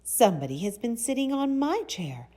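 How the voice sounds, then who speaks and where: A woman voicing a sweet, gentle mother bear in a storybook reading. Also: a little high, sing-song, moderate pace, pitched above the performer's own voice. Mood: indignant. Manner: sweet soft voice.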